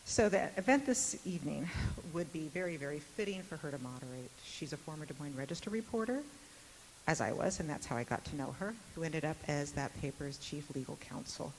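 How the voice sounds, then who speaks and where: A woman with a low voice moderates a university panel in a lecture hall. She talks with wit and easy fillers. The recording carries a long hall reverb and a faint hiss. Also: expressive, fairly quick. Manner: warm tribute, witty, chatty with fillers. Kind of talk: public talk.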